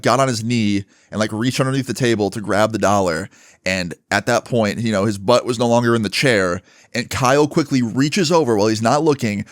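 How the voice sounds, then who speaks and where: A man's voice: mid-range voice, dry recording, studio quality. A man narrating a storytime in a casual, chatty way, swearing freely.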